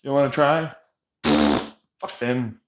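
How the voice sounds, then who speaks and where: A man ranting with profanity over gameplay, swinging between shouted mockery and low mutters. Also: sing-song, slow pace.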